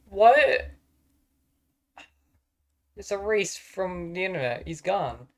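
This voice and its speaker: A man streaming from home, chatting casually in a rambling, profane way and getting exasperated easily. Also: on the high side. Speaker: streamer ranking characters on a tier list. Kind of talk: casual live-stream chat.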